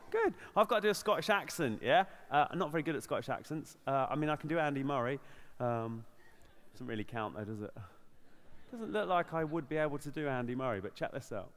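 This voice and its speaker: A man's voice: on the high side, expressive, fairly quick, slight background noise. A man doing stand-up comedy, whimsical and playful, swooping between voices as he tells a silly story to a live audience.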